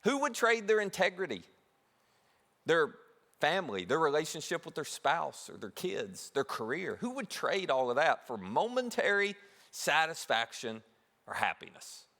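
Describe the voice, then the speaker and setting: Male pastor, animated sermon delivery, slightly high voice, long reverb of a big hall. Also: normal speed. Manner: animated storytelling, acts out voices of siblings. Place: church auditorium.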